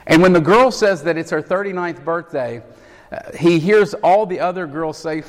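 A male preacher telling a story in a sermon, animated and acting out the quotes, in a church sanctuary. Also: fairly high pitch, moderate pace. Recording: echoey hall.

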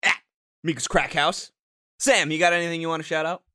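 Bright-voiced joking podcast host. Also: male voice, fairly high pitch, fairly even intonation, a little fast, no echo, studio quality. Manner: rambling, profane, joking. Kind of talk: casual podcast banter.

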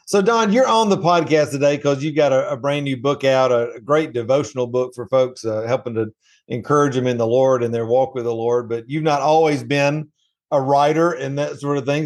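A man's voice: mid-range voice, a little mellow. A man with a Southern American accent, hosting a podcast interview in a friendly, chatty way with easy laughs. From Georgia, USA. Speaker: podcast host. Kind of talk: casual interview chat.

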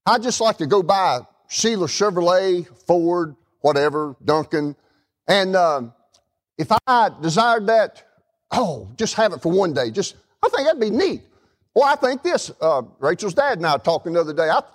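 A middle-aged man delivers a sermon in church with a folksy, animated style, frequently turning to address the congregation. His voice is high for a man, swooping up and down with lively expression, at a moderate pace.

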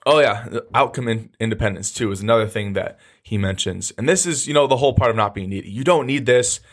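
A man's voice: medium pitch, quick pace. A young man hosting a casual podcast monologue, blunt and profane, talking loosely with many restarts. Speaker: podcast host.

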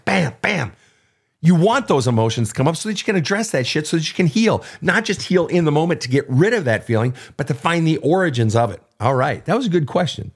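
A man's voice: a little high, husky. Blunt, profane man giving advice. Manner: blunt and profane, emphatic repetition. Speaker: host answering listener questions. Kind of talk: unscripted advice talk.

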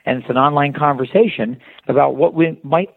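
A man's voice: on the high side, a little fast, creaky. A man, a company founder, answering interview questions at length, explaining with examples and frequent restarts. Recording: tinny phone line, dry.

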